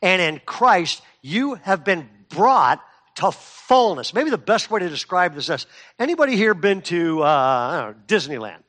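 High-voiced preacher telling a story. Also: male voice, very animated, moderate pace, fairly bright tone. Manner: storytelling with acted quotes, rising to fervent emphasis. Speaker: pastor. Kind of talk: sermon.

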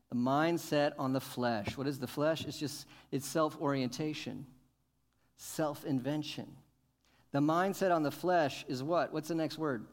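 A male pastor preaching a sermon, asking questions and building to emphatic, loud points. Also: mid-range voice. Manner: rises to emphatic, loud peaks, asks the congregation questions.

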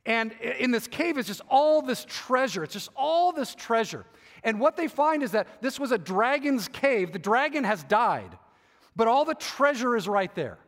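A man preaching, retelling a story and reading it aloud with animated, repeated phrases. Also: very high voice, normal speed. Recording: hall reverb.

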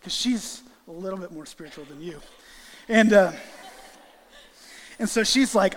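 A man preaching a sermon and acting out a lively illustration with volunteers on stage, calling out playful greetings. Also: high-pitched, measured pace, long pauses, in a large hall. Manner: animated, acts out greetings with volunteers. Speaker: guest preacher. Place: church sanctuary.

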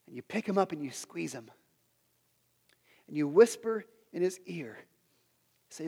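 A man in his thirties preaching a sermon, earnest, who repeats phrases and goes soft for prayers. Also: a little high, expressive, measured pace, gravelly, long pauses, breathy edge. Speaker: pastor. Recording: long hall reverb with soft music behind.

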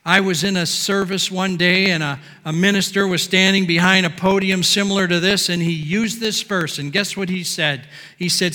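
A man preaching a sermon from a podium, emphatic, swinging between near-shouts and low, quiet lines. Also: steady tone, moderate pace, big-room sound. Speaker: pastor. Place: church sanctuary.

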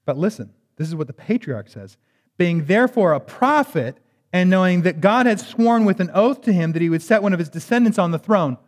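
Preaching a sermon, a man with a high voice reads scripture aloud and unpacks it conversationally and emphatically, adding wry asides. He sounds expressive and a little fast, with a long hall reverb suggesting a church sanctuary.

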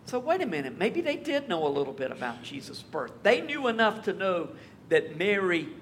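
A man preaching a verse-by-verse sermon, conversational and lively with wry asides. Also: sits high, slight background noise. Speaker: pastor. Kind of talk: expository sermon.

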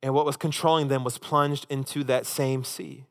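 Male pastor, mid-pitched voice, preaching with passion, from loud to hushed, echo of a large hall. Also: level tone, moderate pace, few pauses. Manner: impassioned, swinging from loud urgency to hushed intensity. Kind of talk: sermon.

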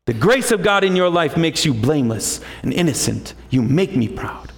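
A man preaching a sermon, emphatic, rising often to a high, forceful pitch. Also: sing-song, moderate pace. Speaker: pastor.

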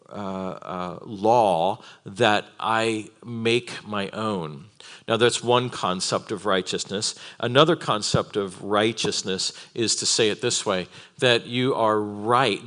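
A man teaching a Bible conference session, earnest and building from quiet reflection to fervent emphasis. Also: fairly low pitch.

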